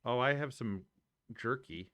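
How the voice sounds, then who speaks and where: Smooth-voiced hesitant man player. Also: medium pitch, unhurried, sharp tone, no room sound, clean studio sound. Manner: hesitant, many uhs. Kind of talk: casual tabletop play.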